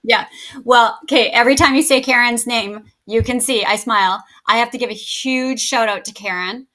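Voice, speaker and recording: A woman's voice: a little high, normal speed, bright, forceful tone, low-quality recording. A woman, a guest teacher chatting casually on a podcast, talking in an effusive way and often restarting her sentences. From Canada.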